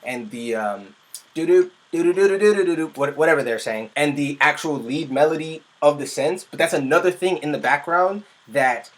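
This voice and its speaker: A man who works as a music producer, giving casual reaction commentary on a music video in an excitable, rambling way and often breaking off mid-sentence. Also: medium pitch, moderate pace, hardly any pauses.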